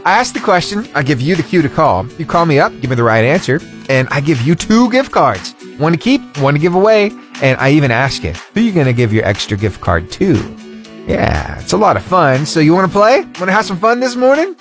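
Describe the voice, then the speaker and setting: Lively radio host man. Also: on the high side, fairly quick, soft background music. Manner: cheerful, chuckles often, animated delivery. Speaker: radio morning show host. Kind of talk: upbeat radio call-in chat. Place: radio studio.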